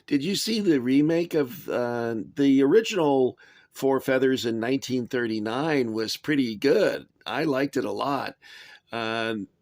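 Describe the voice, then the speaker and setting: Brief: male collector, mid-pitched, rambling hobby review full of fillers, recorded in a dry, dead space. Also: a little slow, darkish tone, no echo. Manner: rambling, chatty, frequent uh and um, dry asides. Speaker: toy soldier collector reviewing figures. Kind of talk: casual show-and-tell review.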